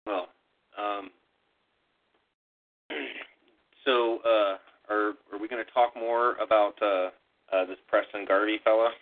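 A man's voice: on the low side, fairly even intonation, slow, pauses often. A man hosting a podcast, talking hesitantly with many ums and uhs in casual chat. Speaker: podcast host. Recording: phone-like lo-fi line.

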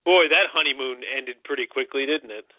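A man's voice: mid-range voice, a little fast, no room sound. A man co-hosting a podcast, chatting casually and rambling with exasperated swearing. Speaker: podcast co-host. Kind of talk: casual wrestling chat. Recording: dry, phone-like narrow sound.

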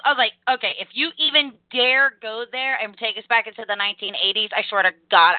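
A young woman hosts a casual podcast over a tinny, phone-like line with a dry close sound. Her voice sits on the high side. She rambles quickly and energetically, acting out bits of other people's dialogue. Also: dry recording. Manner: energetic, rapid rambling with acted-out quotes. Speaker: podcast host.

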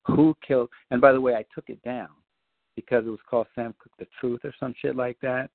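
A man on a community call, telling a long story in a loose, profane way and acting out scenes with high-pitched quotes. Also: steady tone, brisk, gravelly, dry recording. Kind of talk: animated storytelling chat. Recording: dry, phone-like line.

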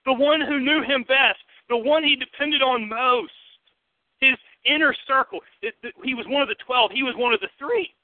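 A male pastor with a high voice, preaching a sermon. He moves from loud, emphatic bursts to quiet, hushed asides and keeps asking the congregation questions. The sound is dry and narrow, like it came over a phone line. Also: moderate pace, dry recording. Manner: conversational, asks the congregation questions.

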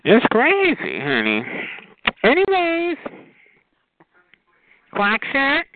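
A man's voice: extremely high pitch, huge pitch swings, extremely slow, a little hiss or hum. A man hosting a call-in show, sassily roasting a caller and drawling "child" and "honey" between every jab. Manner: sassy, drawling, calls others child and honey. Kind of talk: sassy comedic roasting on a phone call. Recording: tinny phone line.

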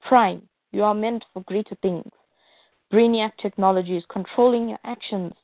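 A woman voicing a wise masked male hero from the future, calm and grave. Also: medium pitch, normal speed, no echo, natural voice. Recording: tinny phone-like dry sound.

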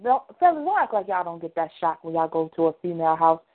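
A woman's voice: on the low side, very animated, fast talker. A woman co-hosting a radio talk show, chatting casually and emphatically, speaking straight to listeners. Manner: emphatic, addresses listeners directly. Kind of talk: casual chat. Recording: tinny phone-like sound.

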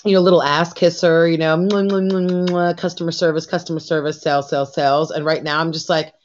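Fast and low-pitched with a level tone, a woman co-hosts a podcast in loose conversation. She rambles, swears freely and uses many fillers, and the recording is dull and lo-fi.

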